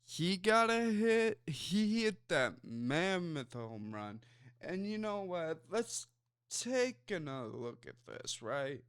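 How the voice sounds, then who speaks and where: Chicago guy doing sports talk, slow and smooth, dry close sound, lots of um and you know. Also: high voice, sing-song, a bit bright, no room sound. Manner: rambling, loose, lots of fillers and asides. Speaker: sports talk show host. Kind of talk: casual sports commentary chat.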